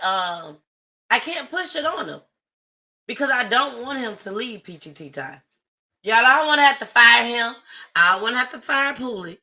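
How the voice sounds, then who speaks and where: Over a rough recording, a woman at medium pitch sounds bright and forceful as she hosts a casual live stream. She chats warmly and sincerely, speaking directly to the people watching.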